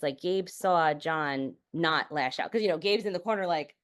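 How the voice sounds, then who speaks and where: A woman with a low-pitched voice talks casually on a podcast. She tells family stories candidly and swears without hesitation. Her speech is loose and full of fillers like "like" and "you know". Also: moderate pace. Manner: candid, swears freely, storytelling. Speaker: podcast guest. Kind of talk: casual chat.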